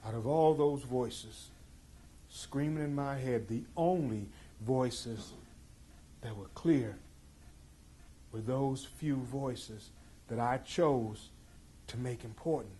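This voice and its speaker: A middle-aged man telling a tense personal story in an intense, emphatic way, moving between loud passages and hushed ones. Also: medium pitch, slow pace, long pauses, slight background noise. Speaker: speaker. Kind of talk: dramatic storytelling talk.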